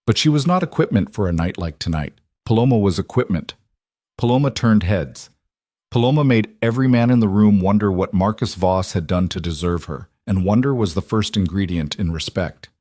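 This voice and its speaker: Low-voiced male story narrator. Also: animated, fairly quick, darkish tone, dry recording, clean studio sound.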